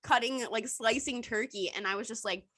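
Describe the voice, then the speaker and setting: A young woman co-hosts a casual podcast in a bright, fairly high voice. She rambles from story to story, swears freely and keeps breaking into laughter. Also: normal speed, no echo. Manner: profane, rambling, laughs often. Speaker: podcast co-host. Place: outdoors at her mother's home. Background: dog barking and squirrel noises.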